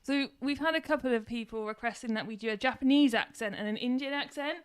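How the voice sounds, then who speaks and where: A woman's voice: high voice, quick pace, smooth. A woman co-hosting a live chat show, making dry teasing remarks. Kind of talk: casual chat.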